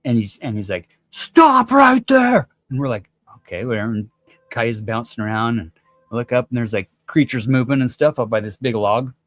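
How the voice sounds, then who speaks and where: A man's voice: medium pitch, fairly even intonation, a little fast, no echo, clean studio sound, faint music behind. Laid-back slangy man telling a story. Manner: laid-back slangy, swears, acts out voices loudly. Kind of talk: casual storytelling.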